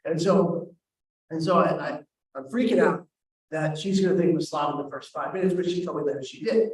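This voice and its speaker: On stage as keynote speaker and host, an animated man tells a self-deprecating comic story at a quick clip. His fairly high voice echoes heavily through a large event hall, recorded from some distance.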